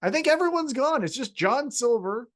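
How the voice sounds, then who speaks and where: A man co-hosting a podcast in casual chat, animated but pausing on fillers. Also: extremely high pitch. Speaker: podcast co-host.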